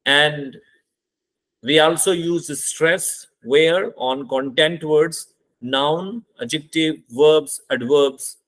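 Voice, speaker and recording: Slow-paced man teaching a lesson. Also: on the high side, fairly bright tone. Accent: Indian English. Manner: slow and deliberate, listing terms one by one. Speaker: English teacher. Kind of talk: spoken grammar lecture.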